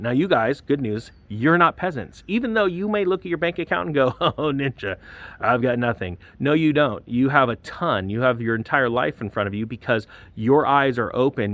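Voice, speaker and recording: A man's voice: medium pitch, a bit bright, dry recording. A man hosting a finance video, talking casually and animatedly to his viewers, drifting into motivational tangents. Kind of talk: casual direct-to-camera commentary.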